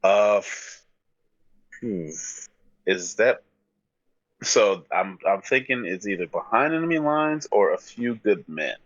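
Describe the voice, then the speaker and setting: A man co-hosting a casual podcast, thinking out loud and hedging his guesses. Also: on the low side, lively intonation, slow, pauses often, no echo, muffled recording. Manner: thinks aloud, hesitant guesses. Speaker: podcast co-host. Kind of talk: casual chat.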